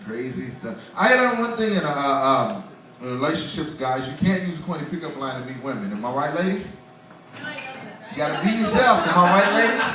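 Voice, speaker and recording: A man in his forties doing a loose, conversational stand-up comedy set in a small bar, laughing at his own jokes. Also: high-pitched. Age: 40s. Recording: roomy bar, voice from far off.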